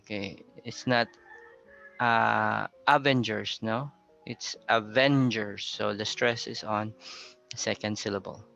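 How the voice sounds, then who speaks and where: Male teacher, patient classroom lecturer, bright voice with a gravelly edge, quizzes his class. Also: lowish voice, level tone, slow, pauses often. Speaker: pronunciation teacher. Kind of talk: classroom lecture on word stress. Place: classroom with a blackboard. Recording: dull lo-fi sound with faint music.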